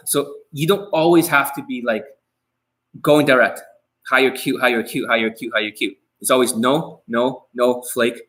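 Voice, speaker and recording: A man's voice: mid-range voice, sharp tone, rough recording. Blunt, profane male dating coach. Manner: blunt and profane, speaking straight to viewers; repetitive, says key phrases again. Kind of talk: live-streamed coaching talk.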